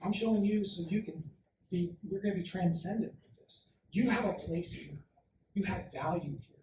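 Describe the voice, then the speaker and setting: Guy giving a keynote, kinda high voice, acts out the quotes, big echoey hall, mic a bit far off. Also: normal speed, noisy background. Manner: animated storyteller, acts out quotes. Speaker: conference speaker. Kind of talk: motivational keynote talk.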